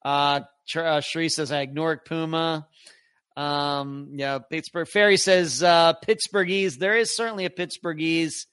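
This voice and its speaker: A man's voice: a little high, fairly even intonation, measured pace, a bit bright, clear, resonant tone, no room sound. Chatty middle-aged man with a dry close mic. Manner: rambling and chatty, many restarts. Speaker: podcast host. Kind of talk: live podcast, reading viewer comments aloud.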